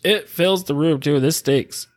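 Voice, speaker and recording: A man hosting a casual solo podcast, rambling in a laid-back way and chuckling often while high. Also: unhurried, slight background noise. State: high on cannabis. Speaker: podcast host. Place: his own room.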